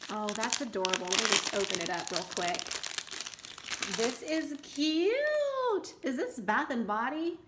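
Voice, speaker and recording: A woman craft vlogger opening gifts in an unboxing vlog, gushing and excitable, often squealing and gasping. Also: medium pitch, brisk, few pauses, background noise.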